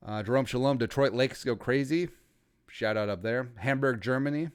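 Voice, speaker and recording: A man's voice: medium pitch, moderate pace, clean tone. A man in his thirties from Minnesota hosting a casual livestream podcast, rambling and joking with crude asides. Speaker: podcast host.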